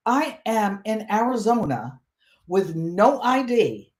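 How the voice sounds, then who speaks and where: Lively older woman telling a comic story. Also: medium pitch, slow. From Connecticut, USA. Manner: animated, comic, acts out voices in her story. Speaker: quilting and fiber art channel host. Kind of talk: casual storytelling.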